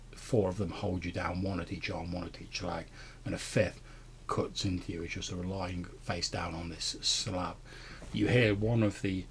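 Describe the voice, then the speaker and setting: Male game master, low and gravelly, stammery storyteller. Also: a bit bright, slight background noise. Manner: stammering repetitions, descriptive. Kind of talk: narrating a tabletop game.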